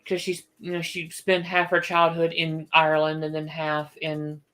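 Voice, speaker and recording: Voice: medium pitch, monotone, moderate pace, a bit bright. An author hosting a casual book livestream, thinking aloud with restarts and firm opinions.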